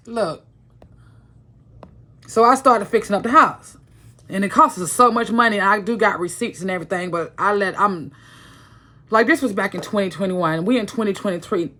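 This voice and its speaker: A woman's voice: medium pitch, pushed and bright. A woman telling a personal story to the camera in a rambling, profane, heated way. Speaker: vlogger. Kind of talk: casual storytelling vlog.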